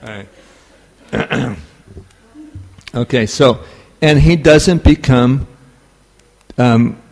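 A man with a New York accent giving a scripture class, halting and full of fillers. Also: medium pitch, creaky, a little mellow. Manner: halting, many fillers and restarts. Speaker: spiritual teacher.

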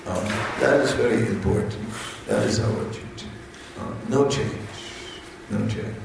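A man giving a religious talk at a retreat, telling a story in a halting way and briefly voicing the people in it. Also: lowish voice, vocal fry, very echoey, distant mic, noisy background. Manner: halting, unhurried storyteller who briefly voices quoted characters.

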